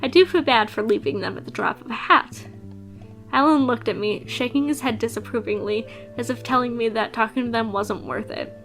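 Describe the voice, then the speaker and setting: A woman's voice: a little high, fairly quick, faint music behind. Young woman reading a visual novel aloud. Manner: chatty, laughs and reacts. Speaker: gamer playing a visual novel.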